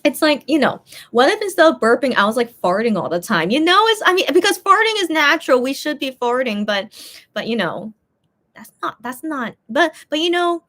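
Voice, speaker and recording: Rambling woman chatting with her stream. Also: fairly quick. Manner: rambling, repeats words, lively swings in pitch. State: tired, full from eating. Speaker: streamer reading chat. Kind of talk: casual eating and chatting stream.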